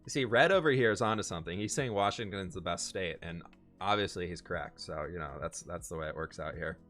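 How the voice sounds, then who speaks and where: A young man from Pennsylvania with a somewhat low voice hosts a casual livestream. He chats easily, laughs a lot and answers his viewers as he plays, with faint music underneath. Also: fairly quick, fairly bright tone. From Pennsylvania, USA. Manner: chatty, laughs often, reads chat aloud. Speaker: livestream host. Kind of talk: casual chat while gaming.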